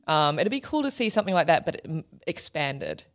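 A woman talking on a game podcast in a casual way. She sounds thoughtful and a little hesitant, pausing on fillers. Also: sits low, very animated. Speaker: podcast panelist. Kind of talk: casual chat.

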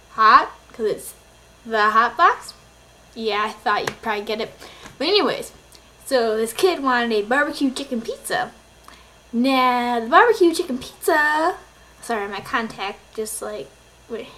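A woman's voice: sits high, fairly bright tone. A nineteen-year-old woman vlogging, chatty and rambling with lots of "like" and giggles. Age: young adult. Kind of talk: casual chat to camera.

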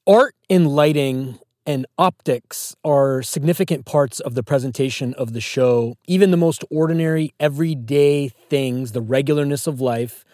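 A man's voice: medium pitch, moderate pace, few pauses, warm tone, no echo, clean studio sound. A man hosting a podcast interview, eagerly drawing comparisons and asking his guest questions. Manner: eager, draws comparisons to the show. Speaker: podcast host. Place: studio.

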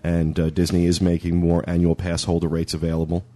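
A man's voice: low voice, completely flat delivery, brisk, warm tone. A man hosting a podcast in casual chat, talking in a chatty, rambling way. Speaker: podcast host.

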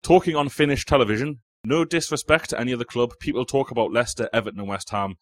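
A man's voice: medium pitch, quick pace. A man hosting a casual football quiz on a podcast, reading out quotes and teasing the players with swearing and banter. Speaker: quizmaster. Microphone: studio mic.

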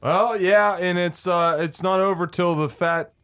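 A man's voice: high-pitched, fairly even intonation, a little slow, a bit bright, clear, resonant tone. A man joking and teasing his friends during a group game, wisecracking in a casual way.

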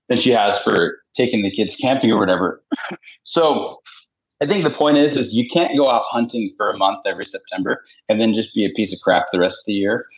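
A man in his thirties from Utah, a hunter and podcast guest, chatting casually with lots of "like" and acted-out quotes. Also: lowish voice. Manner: rambling and animated, heavy filler "like", acts out quoted voices. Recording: slightly dull lo-fi podcast audio.

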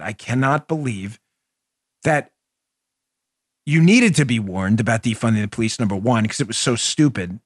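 A man's voice: lowish voice, lively intonation, moderate pace, pauses often, slightly rough, no room sound. Emphatic man hosting a political talk show. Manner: emphatic, repetitive, exasperated. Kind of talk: impassioned political monologue.

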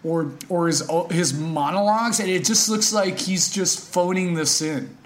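A man co-hosting a podcast in casual chat, relaxed and reflective, with some hesitation. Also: high-pitched, unhurried. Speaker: podcast co-host.

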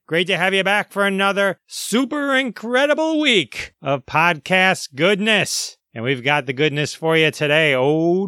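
A man's voice: sits high, bright, forceful tone, no room sound. A man hosting a podcast, reading a jokey, upbeat introduction into a close mic. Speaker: podcast host.

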